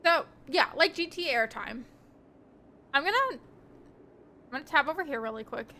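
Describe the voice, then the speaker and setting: A woman's voice: high-pitched, normal speed, bright, forceful tone, a little hiss or hum. A young woman streaming live, chatting casually with her viewers in a rambling, giggly way with lots of ums.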